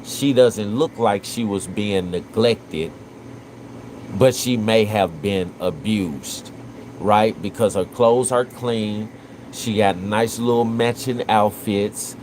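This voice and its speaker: A man's voice: fairly low pitch, a little mellow, slight background noise, rough recording. A man, live-streaming emotional commentary and talking earnestly and repetitively to his chat.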